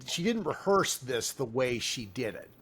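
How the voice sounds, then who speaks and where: A man's voice: medium pitch, very animated, measured pace, fairly bright tone, slight background noise. A man co-hosting a podcast in casual chat, reminiscing about filming and often backing up the others. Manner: reminiscing, backchannels often with yeah and right.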